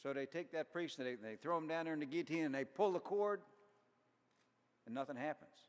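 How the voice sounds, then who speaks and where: A man's voice: on the high side, a little fast. A middle-aged man telling folksy, self-deprecating jokes as an after-dinner speaker at a banquet. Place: large banquet hall. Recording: long hall reverb.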